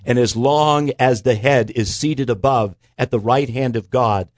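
A man in a conversational Bible teaching talk, earnest and emphatic, slowing down to stress key words. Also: medium pitch, dry recording, clean studio sound. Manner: earnest, emphatic preaching cadence with slow stresses.

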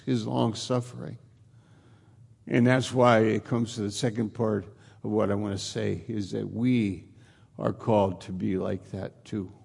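A man preaching a sermon in a slow, repetitive cadence, building phrase on phrase. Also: medium pitch, gravelly, long reverb tail.

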